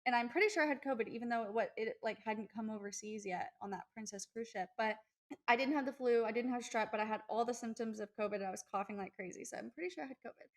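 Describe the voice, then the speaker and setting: A young woman co-hosting a podcast, telling personal stories in a chatty, animated way. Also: fairly high pitch, quick pace. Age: young adult. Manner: chatty, animated storytelling with acted-out quotes. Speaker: podcast co-host. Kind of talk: casual podcast chat.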